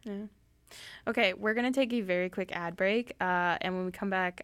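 A woman's voice: medium pitch, moderate pace, a bit bright, a little hiss or hum. A young woman hosting a casual book discussion, chatting with lots of filler words. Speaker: podcast host.

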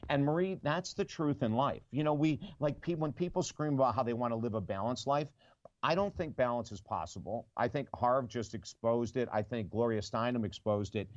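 Man, author interviewed, animated storyteller, acts out quotes, muffled dry line. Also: mid-range voice, moderate pace, no echo. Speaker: author and guest.

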